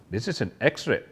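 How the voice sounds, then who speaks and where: A man teaching kindergarten children, talking straight to them about letters and toys in a slow, sing-song way and imitating sounds. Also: mid-range voice.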